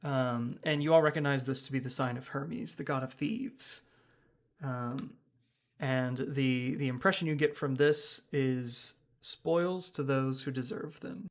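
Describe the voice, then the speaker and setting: A man's voice: medium pitch, a little slow. A man running a tabletop game as game master, describing scenes with frequent ums and hedging words. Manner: hesitant, many ums.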